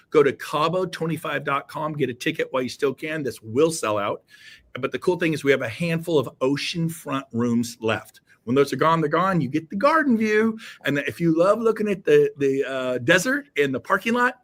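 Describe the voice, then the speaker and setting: Man, guest coach; preachy, fiery delivery with shouted bursts; voice sits a bit high. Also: animated, moderate pace. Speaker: guest, real estate coach. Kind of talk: motivational talk.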